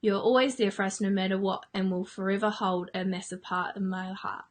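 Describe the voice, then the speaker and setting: A woman's voice: mid-range voice, steady tone, brisk. A young woman, reading an earnest, scripted tribute to her grandmother. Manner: earnest and warm-hearted, scripted. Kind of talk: heartfelt family tribute message.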